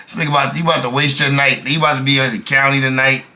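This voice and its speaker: Bright, brash man in a profane reaction chat. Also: mid-range voice, fairly even intonation, racing. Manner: loud, profane and laughing, slangy banter. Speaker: co-host reacting to clips.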